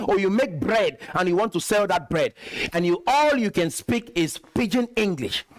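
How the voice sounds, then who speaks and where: A man's voice: fairly high pitch, no room sound. A man from Cameroon hosting a commentary video, lecturing emphatically and repeating his points. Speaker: host.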